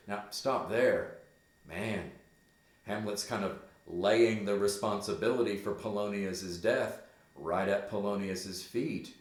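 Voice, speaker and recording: A man's voice: on the low side, slow pace. A man teaching a play, reading it aloud and explaining it in casual asides. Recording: echoey room.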